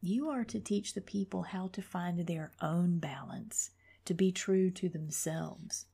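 A woman reading the lines of a calm, unemotional male divine guide who speaks without inflection. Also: on the low side, measured pace, vocal fry, husky, exaggerated voice. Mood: calm, flat.

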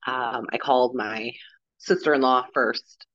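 A woman in her forties, a podcast guest, telling a personal story in a halting way, retelling what people said. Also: extremely low pitch, fairly even intonation, fairly bright tone, dry recording, highs cut off. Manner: halting, retells dialogue with "I'm like".

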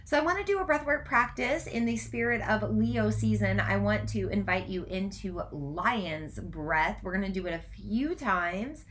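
Fast-talking woman host guiding breathwork. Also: medium pitch, lively intonation, a little hiss or hum. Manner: fast, run-on talking with restarts; gentle instructive guidance in breathwork. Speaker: spiritual coach and podcast host. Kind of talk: casual live-stream talk guiding breathwork.

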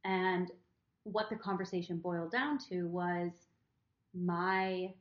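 A woman's voice: fairly low pitch, little pitch movement, slow pace, reverberant, dull audio. A woman co-hosting a podcast who tells a personal story to her partner in an earnest, emotional, rambling way. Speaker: podcast co-host.

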